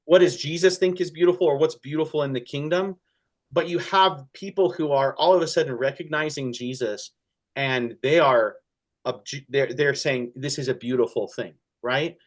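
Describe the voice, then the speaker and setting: A man speaking as a pastor in a conversational church discussion, earnest and halting, often restarting, with feeling rising in his voice. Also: a little high.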